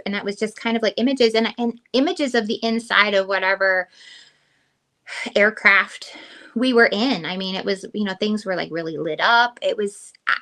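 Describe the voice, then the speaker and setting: A woman's voice: mid-range voice, pushed and bright. A middle-aged woman co-hosting a podcast, telling a personal story candidly and emotionally with lots of fillers. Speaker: podcast co-host. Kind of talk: casual chat.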